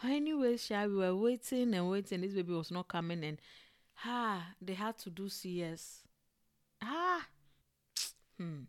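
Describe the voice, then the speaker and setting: A young adult woman telling a personal story in a casual, expressive way, with frequent exclamations. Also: medium pitch, a little slow, long pauses. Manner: animated and expressive, with exclamations and laughter.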